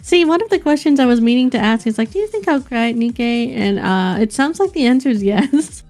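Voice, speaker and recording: Woman guest, casual chat, curious questioner, high voice, faint background music. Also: animated, a little fast, darkish tone.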